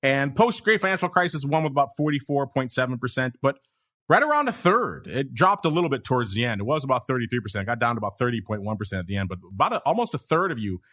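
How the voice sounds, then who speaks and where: A man hosting a podcast in a brisk, chatty manner, moving through listener mail and poll results. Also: mid-range voice, big pitch swings, fairly bright tone, dry recording, clean studio sound. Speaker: podcast host.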